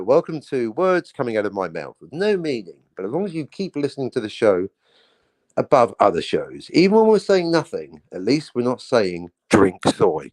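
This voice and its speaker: A man banters playfully through a casual podcast chat, his pitch rising and falling all over. His voice sits in a middle range, and his delivery stays light and jokey. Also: a little mellow, dry recording. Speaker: podcast co-host. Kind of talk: casual chat, joking monologue.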